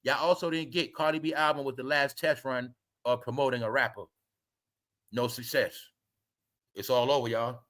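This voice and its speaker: A man's voice: mid-range voice, fairly even intonation, normal speed, long pauses, a bit bright. A man ranting to his viewers in a blunt, preachy commentary monologue, swearing freely and repeating himself. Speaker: commentary vlogger.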